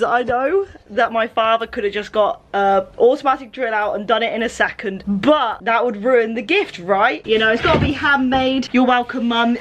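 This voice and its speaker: A young woman with an English accent chatting casually in a vlog, self-deprecating and jumping into high excited tones. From England. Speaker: vlogger.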